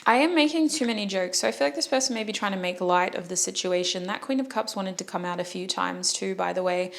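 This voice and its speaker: Tarot reader, woman, vocal fry, chatty, jokey, mid-range voice. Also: medium pitch, fast. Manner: chatty, jokey, self-interrupting. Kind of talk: casual tarot reading.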